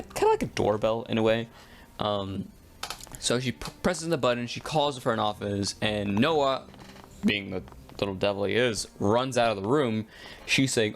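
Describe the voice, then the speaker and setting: A young man telling a school story in a casual, rambling way while gaming, slipping into quick voiced quotes. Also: mid-range voice. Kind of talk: casual storytime over gameplay.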